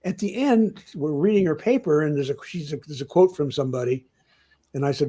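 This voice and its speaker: A man's voice: fairly high pitch, lively intonation, fairly quick, warm tone, breathy edge. An older man, a journalism professor, telling rambling anecdotes in an interview, full of "I mean" and "you know.". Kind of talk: anecdotal conversation.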